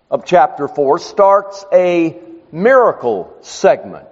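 A man preaching a sermon, his delivery emphatic and storytelling. His voice sits a bit high and rises and falls a great deal. The sound is muffled and rings with long hall reverb.

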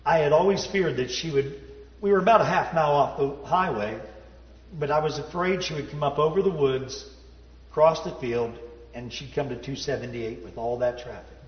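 A man telling a personal story in a sermon, folksy and self-deprecating, dropping to a low hush at the sad parts. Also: normal speed. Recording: roomy hall reverb, dull sound.

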